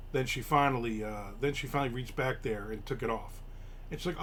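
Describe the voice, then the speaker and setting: A man's voice: medium pitch, fast, a bit bright. A man hosting a casual live show, grumbling and swearing sarcastically as he tells stories. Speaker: podcast host. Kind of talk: casual live-stream chat.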